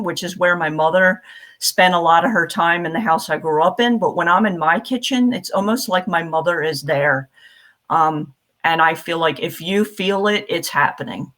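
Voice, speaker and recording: A woman talking slowly and earnestly as a panelist in a casual group chat. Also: fairly low pitch, a bit bright. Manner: slow, reflective and earnest.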